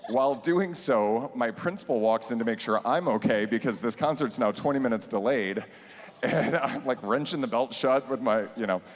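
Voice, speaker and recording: A man's voice: medium pitch, big-room sound. A man who teaches band, telling a funny story about his teaching on a church panel, laughing as he goes.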